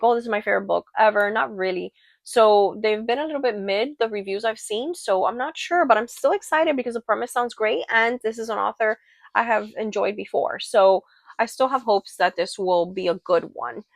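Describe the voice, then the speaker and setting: A woman's voice: medium pitch, a bit bright, no echo. A woman book vlogger talking casually and rambling a little about books she plans to read. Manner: chatty and rambling, with fillers and self-corrections. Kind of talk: casual chat about a reading list.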